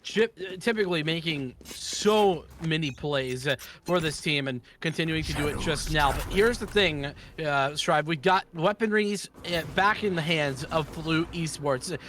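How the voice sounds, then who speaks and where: Bright high-voiced esports caster. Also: male voice, measured pace, slight background noise. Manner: rises sharply in excitement during plays. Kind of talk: live esports commentary.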